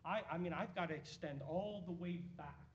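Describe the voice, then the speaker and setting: Brief: man, somewhat high voice, nervous and halting deputation, dull lo-fi meeting audio with faint hiss. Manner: nervous, halting, many fillers and restarts. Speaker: resident speaking at a council meeting. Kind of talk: public deputation.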